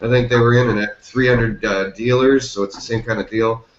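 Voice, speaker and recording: A man's voice: medium pitch, fairly even intonation, brisk, a little hiss or hum. Laid-back man hosting a group chat. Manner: loose, laughing, thinks aloud with fillers. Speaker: chat host. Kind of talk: casual group chat over a call. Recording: echoey, dull call audio.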